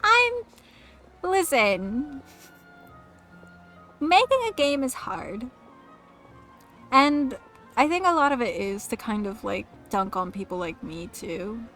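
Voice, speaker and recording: A woman's voice: on the high side, sing-song, takes it slowly, long pauses, pushed and bright, faint music behind. A woman streaming a game, chatting casually in a rambling, giggly, self-mocking way.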